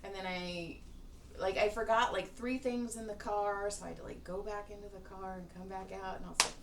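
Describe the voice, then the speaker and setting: A woman's voice: mid-range voice, fairly even intonation, a little fast, fairly bright tone. Profane rambling woman host, roomy distant sound. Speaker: podcast host. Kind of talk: casual chat. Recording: roomy, distant mic, faint hiss.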